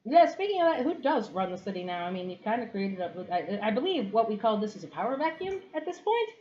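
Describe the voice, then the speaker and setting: A woman's voice: mid-range voice, big pitch swings, quick pace, a little mellow. A young woman narrating as game master in casual chat, laughing often and swearing freely. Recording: dull lo-fi sound.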